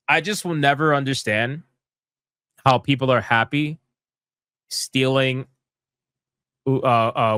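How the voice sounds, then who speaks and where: A man's voice: medium pitch, a bit bright, no room sound, studio quality. A young man hosting a live gaming commentary stream, ranting in a heated, profane, exasperated way.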